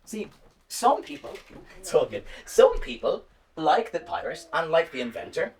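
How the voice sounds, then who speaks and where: A woman telling a story to children at a live event, warm and speaking directly to her young listeners. Her pitch rises and falls in a lively, animated way. She sounds like she is performing in a home or school. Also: normal speed, far from the mic. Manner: warm, sing-song, directly addressing children.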